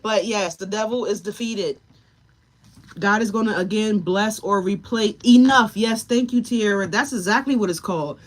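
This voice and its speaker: A woman's voice: medium pitch, moderate pace. A woman giving a live tarot reading, talking straight to her viewers and chat, emotional and tearful at times. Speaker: tarot reader.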